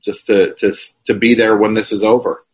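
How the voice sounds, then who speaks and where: A man's voice: on the low side, flat delivery, breathy edge. A man hosting a radio show, chatting casually. He tells rambling stories with lots of false starts and restarts, and he. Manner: rambling, halting storyteller with many restarts. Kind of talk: casual chat. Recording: dull, lo-fi sound.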